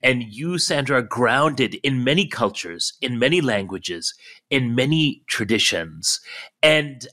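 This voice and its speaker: A man hosting an interview, explaining terms and reflecting calmly on his guest's story. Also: mid-range voice, measured pace. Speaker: podcast host.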